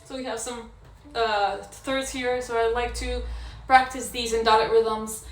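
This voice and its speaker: A woman in a casual practice session, explaining how she practices a violin piece in a thoughtful way, pausing often with fillers. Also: fairly high pitch, fairly even intonation, faint music behind. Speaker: violin teacher. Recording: echoey room with violin playing.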